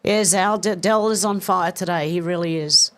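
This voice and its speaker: A woman's voice: lowish voice, normal speed. A woman, hosting a casual live stream and reading out chat comments in a chatty, swearing, self-mocking way. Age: 50s. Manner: chatty, swearing, laughing and confused over a joke. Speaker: livestream host reading chat.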